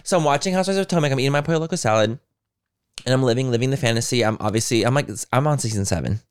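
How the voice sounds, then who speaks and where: A man co-hosting a casual chat, telling a story in an animated way, swearing freely and acting out his own reactions. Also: mid-range voice, rapid-fire, clean tone. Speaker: podcast co-host.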